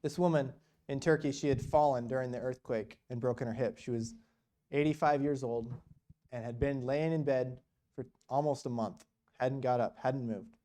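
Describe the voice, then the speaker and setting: A man's voice: medium pitch, moderate pace, warm tone. A man preaching in a church, telling stories in a conversational way, full of rhetorical questions and "you know.". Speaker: guest speaker at a church. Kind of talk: storytelling sermon.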